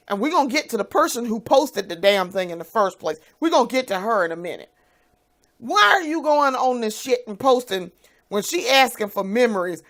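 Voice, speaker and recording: A woman venting in a vlog, blunt and profane, swinging from quiet, hesitant musing to loud, heated outbursts. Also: mid-range voice. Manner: fiery, profane, blunt ranting. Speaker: vlogger.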